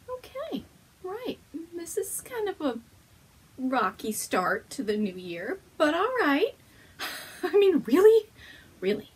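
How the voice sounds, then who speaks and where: A woman's voice: fairly high pitch, husky. A woman hosting a knitting podcast, chatting casually at home to the camera, bubbly and gushing, laughing often.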